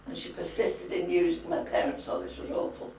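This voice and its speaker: A woman's voice: on the low side, animated, fairly quick, warm tone, a little hiss or hum. Elderly woman, chatty storyteller with firm opinions; echoey home-video sound, distant mic. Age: older. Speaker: grandmother being interviewed. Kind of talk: reminiscing casual chat. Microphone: camcorder mic. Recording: echoey room, far from camcorder mic.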